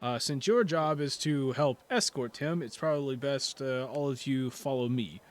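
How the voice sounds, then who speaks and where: A man narrating as game master of a tabletop game, relaxed and full of fillers. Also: medium pitch, moderate pace.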